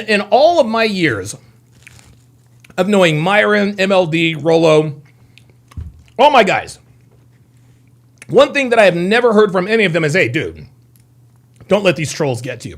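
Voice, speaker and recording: A male live streamer answers his chat with a high, animated voice that swings widely in pitch. He rants angrily, swears freely and says the same phrase again and again. He sounds like he is talking at home into a streaming mic. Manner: angry, profane, repeats himself, talks back to chat. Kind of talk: heated livestream commentary.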